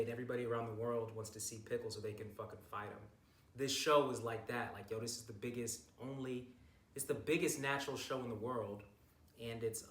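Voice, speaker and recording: A man's voice: lowish voice, a bit bright. A young man giving a casual recap vlog of his bodybuilding show, hyped and rambling, with plenty of swearing. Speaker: bodybuilder vlogger. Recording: roomy, distant from mic, faint noise.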